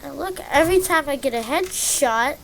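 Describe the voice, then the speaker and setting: A woman's voice: sits high, expressive, moderate pace, vocal fry. Woman, casual gameplay commentary, self-deprecating, rambling, noisy recording. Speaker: game guide presenter.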